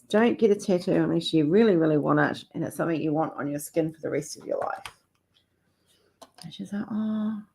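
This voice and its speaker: A woman's voice: sits low, darkish tone. A middle-aged woman hosting a casual livestream, chatting affectionately with viewers and laughing often. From Australia or New Zealand. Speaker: livestream host. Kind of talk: casual live chat with viewers.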